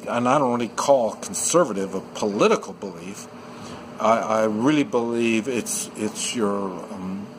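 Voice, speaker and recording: A man's voice: on the low side, slight background noise, rough recording. Rambling man talking off the cuff. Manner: rambling, many restarts and fillers. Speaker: video commentator. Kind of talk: unscripted opinion monologue. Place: at home in the countryside.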